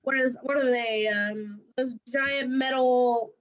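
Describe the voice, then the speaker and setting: High-pitched chatty woman on dull audio. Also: steady tone, takes it slowly. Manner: chatty, retells scenes animatedly. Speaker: podcast co-host. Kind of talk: casual movie chat.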